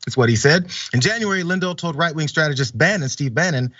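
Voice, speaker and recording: A man hosts a news commentary show with sarcastic, easygoing delivery. His voice sits somewhat high. The audio is dry and a little muffled. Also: lively intonation, quick pace, fairly bright tone, no echo. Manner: sarcastic, conversational. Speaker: host.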